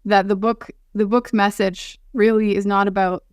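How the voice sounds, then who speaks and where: A woman's voice: mid-range voice, flat delivery, moderate pace, dry recording, clean studio sound. A woman guest on a podcast, speaking earnestly and from the heart, often restarting her sentences.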